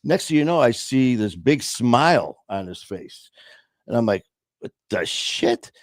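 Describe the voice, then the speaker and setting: A man's voice: medium pitch, expressive, moderate pace, dry recording, clean studio sound. A man casually telling a personal story, blunt and profane, with many restarts and trailing phrases. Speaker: podcast host telling his story.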